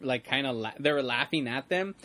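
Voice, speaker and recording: A man's voice: mid-range voice, a little fast, bright, forceful tone. A man in casual chat, rambling with many fillers and restarts. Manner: rambling, many fillers and restarts, quotes lines in put-on voices. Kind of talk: casual chat about a movie.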